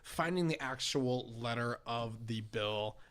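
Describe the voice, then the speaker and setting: A young man talks like he's hanging out with a friend, loose and crude, with a fondness for jokes. His voice sits at an ordinary middle pitch. He is co-hosting a podcast. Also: slow, fairly bright tone. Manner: laid-back, crude, joking banter. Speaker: podcast co-host. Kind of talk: casual chat.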